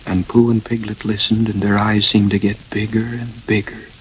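A man reading a children's story aloud in an even, gentle narration. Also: lowish voice, moderate pace, slight background noise, rough recording.

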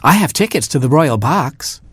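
A man's voice: on the high side, animated, normal speed, slightly rough, no room sound, voice pushed up. A man doing an eager lovestruck young prince. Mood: smitten.

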